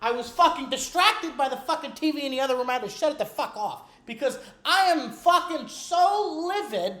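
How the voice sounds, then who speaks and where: A woman's voice: high voice, fast talker, fairly bright tone. A woman sports fan at home, delivering a furious, profanity-laden rant that keeps repeating itself. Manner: furious, profane, repetitive ranting. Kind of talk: angry rant to camera. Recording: echoey room.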